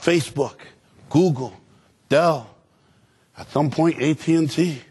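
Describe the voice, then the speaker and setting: A man giving an energetic, humorous motivational speech to students, calling out to the crowd for answers. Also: medium pitch, slightly rough. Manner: animated, humorous, call-and-response with audience. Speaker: motivational speaker.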